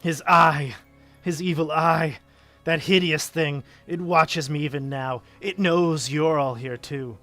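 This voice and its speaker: A man's voice: a little high, fairly even intonation, slow pace, faint music behind, full character voice. A man voicing a mad young male count who raves about worms and a beating heart. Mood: raving. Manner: raving, shouting, manic.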